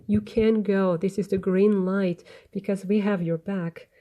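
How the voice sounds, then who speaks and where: Mellow-voiced woman giving a tarot reading. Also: medium pitch, fairly even intonation, a little slow. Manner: gentle, earnest, meandering with restarts. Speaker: tarot reader. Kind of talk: spoken tarot reading to camera.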